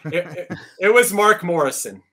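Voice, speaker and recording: A man hosting a live trivia podcast event, reading questions and scoring answers with quick restarts. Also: high voice. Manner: lively, stumbles and restarts, laughs between answers. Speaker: trivia quiz host.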